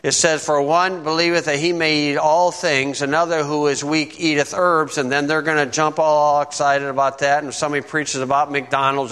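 Folksy preacher guy teaching scripture, bright forceful voice, big echoey hall. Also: on the high side, little pitch movement, normal speed, few pauses, clear, resonant tone. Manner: conversational, folksy, asks "okay?" often. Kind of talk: bible teaching sermon.

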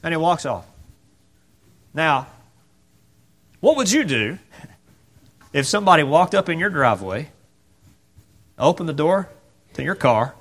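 Man preaching, church sermon, somewhat high voice, lively swooping delivery, asks the crowd questions. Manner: conversational, rhetorical questions, acts out quotes.

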